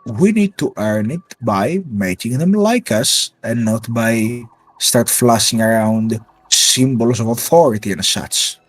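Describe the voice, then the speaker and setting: A man voicing a calculating male interrogator who briefs his team in a measured, persuasive way. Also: medium pitch, expressive. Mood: briefing.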